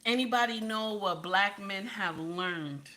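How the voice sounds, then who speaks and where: Bright-voiced woman giving emphatic advice. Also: medium pitch, unhurried. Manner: emphatic, repetitive, addresses listeners directly. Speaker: relationship advice vlogger. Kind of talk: preachy advice talk to women viewers.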